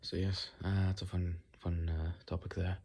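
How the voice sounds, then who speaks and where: A tired young man rambling softly and unscripted into his phone in his bedroom late at night, with a soothing, unhurried voice. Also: low-pitched, little pitch movement, slight background noise. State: tired, sleepy. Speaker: vlogger.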